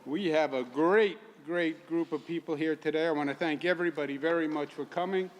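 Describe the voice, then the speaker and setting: A man's voice: fairly high pitch, fairly quick, in a large hall. A man in his sixties with a Queens New York accent gives an emphatic, folksy public speech to a crowd at an outdoor event. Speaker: governor.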